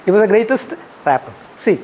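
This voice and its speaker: A man's voice: high voice, sing-song, a little fast, darkish tone, slight background noise, poor audio. A man giving an academic lecture, emphatic, repeating key phrases and counting out rhythms. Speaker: guest lecturer. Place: lecture hall.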